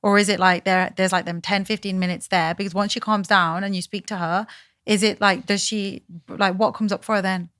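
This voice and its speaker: A woman's voice: medium pitch, level tone, brisk, fairly bright tone, no room sound, studio quality. A woman in supportive podcast conversation, reflecting back and asking probing questions.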